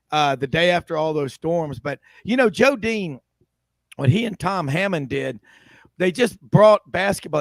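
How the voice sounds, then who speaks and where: Male sports host, high pitch, dry studio sound, chatty, laughs a lot. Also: no echo. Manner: chatty storyteller doing impressions, laughs often. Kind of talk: casual roundtable chat.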